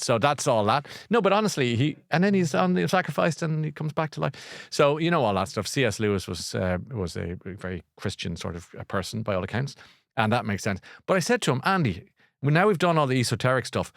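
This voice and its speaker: A man's voice: mid-range voice, animated, a little fast, vocal fry, dry recording, studio quality. A middle-aged man hosting a book show, rambling and jokey with lots of fillers and restarts. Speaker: radio book show host. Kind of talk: casual chat.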